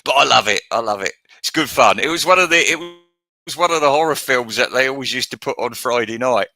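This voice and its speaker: Give me a mocking man with a tense bright voice, rambling and ranting. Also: medium pitch, brisk. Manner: crude, profane, rambling and mocking. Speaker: channel host. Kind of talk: ranting casual monologue.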